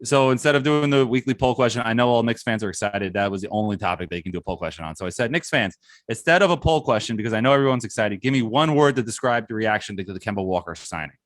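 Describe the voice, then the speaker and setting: A man co-hosting a sports podcast in casual chat, excitable and quick to rattle off lists. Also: fairly low pitch, dry recording. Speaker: podcast co-host.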